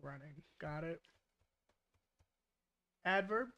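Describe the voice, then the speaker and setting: Woman podcast host, casual and joking, slightly low voice, dry sound. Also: lively intonation, drawn-out words, a bit bright, no echo. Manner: joking, swears freely, laughs while reading. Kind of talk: casual chat.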